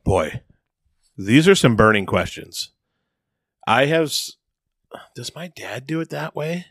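A man's voice: medium pitch, very animated, slow, a bit bright, slightly rough, no echo, studio quality. A young man co-hosting a podcast in casual, goofy chat, musing and laughing easily. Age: young adult. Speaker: podcast co-host.

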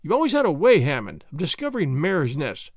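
A man reading aloud and voicing a shrewd, unflappable English gentleman who teases his nervous old school friend in a jovial, easygoing way. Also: fairly high pitch, huge pitch swings, a little fast, no echo, studio quality, full character voice. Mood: amused. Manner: jovial and teasing.

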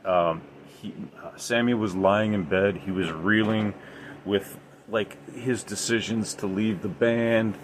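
A man's voice: lowish voice, fairly even intonation, takes it slowly, slight background noise. A man hosting a podcast, telling paranormal stories in a rambling, emphatic way with many fillers. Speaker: podcast host. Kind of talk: casual storytelling about the paranormal.

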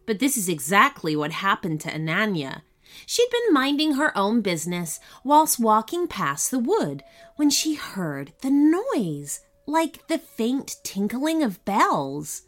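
Casting: woman storyteller for kids, lively pitch, slow and gentle delivery. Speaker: podcast host and storyteller. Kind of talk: bedtime story narration.

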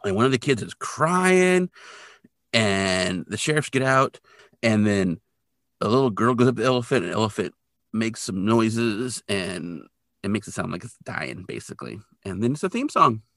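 Man, podcast co-host, casual recap, animated sound effects, dry close mic. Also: fairly low pitch, moderate pace, dry recording.

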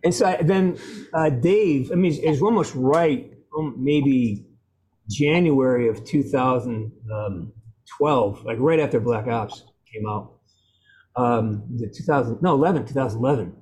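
Lively, swearing man telling stories. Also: medium pitch, a little slow, husky. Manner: lively storyteller, loud bursts, restarts, salty language. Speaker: guest actor. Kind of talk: animated anecdote telling on a video call. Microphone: video call.

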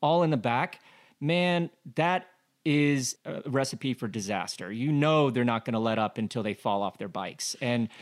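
Male podcast co-host, mid-range voice, animated casual race analysis. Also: mid-range voice, normal speed. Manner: animated, rhetorical questions, many fillers.

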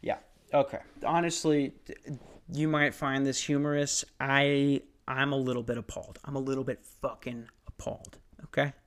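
A man's voice: medium pitch, little pitch movement, normal speed, a bit bright, smooth. A young man doing stand-up, telling a story in a profane, sarcastic rant. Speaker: stand-up comedian.

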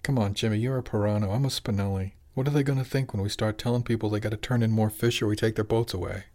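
A blunt, streetwise animal fisheries boss, as a man voices him in a storybook reading. He talks in slangy, pressing turns in a low male voice. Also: steady tone, fast, darkish tone, lightly acted.

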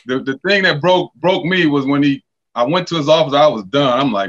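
A man's voice: on the high side, brisk. Profane man telling stories, lo-fi sound. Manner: animated, profane, acts out quoted dialogue. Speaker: podcast guest, former college basketball player. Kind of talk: casual storytelling chat.

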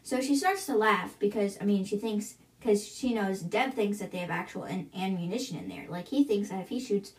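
A woman's voice: mid-range voice, moderate pace, few pauses, darkish tone. A woman hosting a book podcast, casually retelling the chapters with lots of fillers. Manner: chatty, filler-heavy retelling. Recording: roomy, distant from mic.

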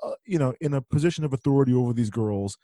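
A man's voice: mid-range voice, animated, rapid-fire, dark tone, dry recording. A man co-hosting a podcast, giving opinions in a joking, casual way. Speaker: podcast co-host. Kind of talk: casual chat.

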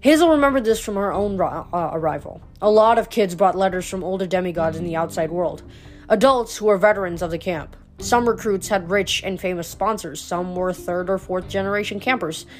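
A woman's voice: on the low side, a little fast, soft background music. A woman reading a novel aloud, unpolished, with frequent slips and restarted words. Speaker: audiobook reader.

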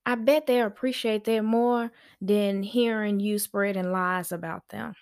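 A woman's voice: medium pitch, steady tone, a little mellow, smooth. A woman hosting a podcast, giving frank, chatty advice. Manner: frank, chatty, slow and emphatic. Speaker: podcast host. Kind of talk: casual advice monologue.

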